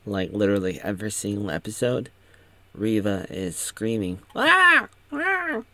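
A man's voice: on the low side, steady tone, normal speed, a little mellow, dry recording. A man giving casual, sarcastic commentary, rambling with many restarts. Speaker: show recap commentator.

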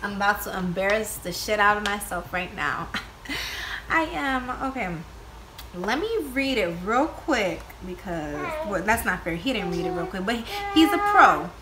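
A woman vlogging casually from home, loud and playful, swearing freely. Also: medium pitch, lively intonation, moderate pace, noisy background. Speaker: YouTube vlogger, mother of two. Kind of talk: casual vlog chat. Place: home with kids nearby.

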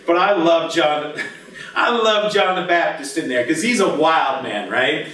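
A man preaching a lively, conversational sermon as pastor, joking with the congregation and breaking into shouts. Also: on the high side, unhurried, far from the mic. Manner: animated, jokey, bursts into shouts. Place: church sanctuary. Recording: echoey church from the back.

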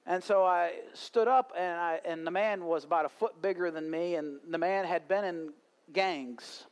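A man's voice: high voice, moderate pace, clear, resonant tone. A male pastor preaching at a live church service, telling a story and rising to fervent preaching. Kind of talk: sermon.

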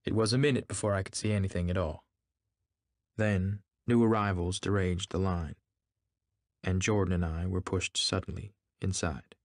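Deep-voiced man reading steadily. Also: steady tone, moderate pace, no echo, studio quality. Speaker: narrator. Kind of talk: scripted narration.

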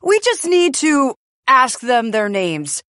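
A woman's voice: a little high, big pitch swings, unhurried, a bit bright, no echo, clean studio sound, full character voice. A woman voicing a confident, proud adult male delivery bird in a storybook. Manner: confident, declaring.

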